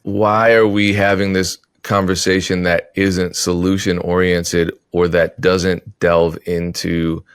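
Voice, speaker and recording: Low-voiced man talking through an argument. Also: slow pace, hardly any pauses, smooth, no room sound. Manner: thoughtful, self-correcting, animated when making points. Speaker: podcast host, music producer. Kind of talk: casual opinion talk.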